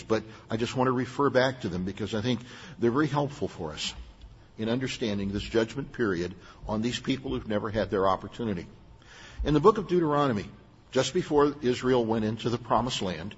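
An older pastor with a husky, medium-pitched voice preaches earnestly and emphatically, dropping plain asides to the congregation. The audio is muffled, with a long reverb from the hall.

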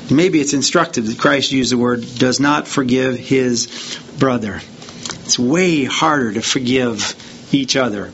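A man's voice: moderate pace, a bit bright. A man preaching a sermon, reading verses aloud with rising emphasis and breaking off into conversational asides. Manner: rises in pitch and volume when reading verses aloud. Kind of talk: sermon reading and explaining scripture. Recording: dull lo-fi sound with faint noise.

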